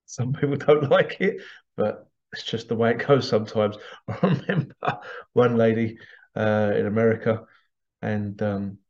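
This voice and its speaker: A man's voice: mid-range voice, darkish tone. A man, a psychic medium hosting a casual monologue, chatty, laughing often and acting out the voices he quotes. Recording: dull lo-fi sound.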